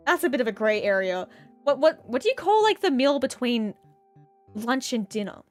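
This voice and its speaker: Playful high-voiced woman streamer. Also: very animated, normal speed, a little mellow, faint music behind. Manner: rambling, playful and goofy. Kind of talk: casual chat reading viewer comments.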